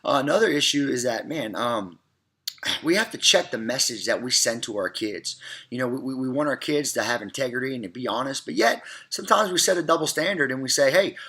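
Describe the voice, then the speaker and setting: A man's voice: mid-range voice, animated, fairly quick, creaky, sharp tone. A middle-aged man hosting a parenting segment, giving earnest casual advice to viewers and often checking in with "all right" and "look.". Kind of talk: casual advice talk to camera.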